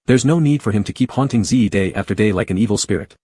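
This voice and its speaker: A man's voice: fairly low pitch, fast talker, dark tone, breathy edge, no room sound. A man voicing a worried, protective young man in a comic story, speaking earnestly and reassuringly.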